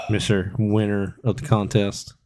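A man's voice: lowish voice, noisy background. A man hosting a casual podcast from his living room sofa, teasing his friends with joking banter. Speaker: podcast host. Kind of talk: casual chat.

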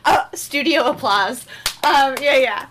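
A young adult woman hosting a podcast, telling stories in animated casual chat with frequent swearing. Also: high-pitched, noisy background. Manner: animated, swearing, quick asides. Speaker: podcast host.

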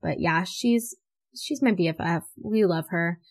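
A teenage girl hosting a casual podcast, telling stories in an animated, chatty way full of "like" fillers. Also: lowish voice, unhurried. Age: teens. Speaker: podcast host. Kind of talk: casual chat.

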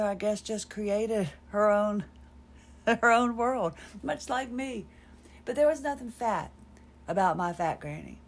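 A woman, telling a rambling personal story on her podcast in a wry, self-deprecating way. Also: mid-range voice. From North Carolina, USA. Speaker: podcast host.

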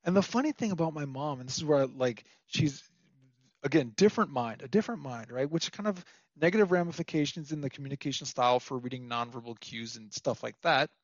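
A man's voice: medium pitch, fast, no echo, muffled recording. A young man from Minnesota, a podcast guest, telling a story casually with lots of fillers and laughs.

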